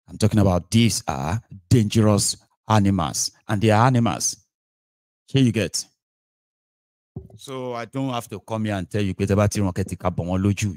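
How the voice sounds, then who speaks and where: A man with a Nigerian accent hosting a live political talk show, animated, switching between English, Pidgin and Yoruba with mocking asides. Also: lowish voice, dry recording, studio quality. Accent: Nigerian, Yoruba-inflected. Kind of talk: live solo political commentary.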